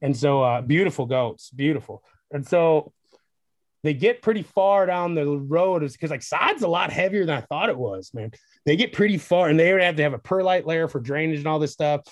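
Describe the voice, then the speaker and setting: Man, young adult, slightly high voice, excitable, rambling storyteller, dry close sound. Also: normal speed, dry recording. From Wisconsin, USA. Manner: excitable, rambling, acts out quoted dialogue. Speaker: distillery founder, guest. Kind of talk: animated storytelling in an interview.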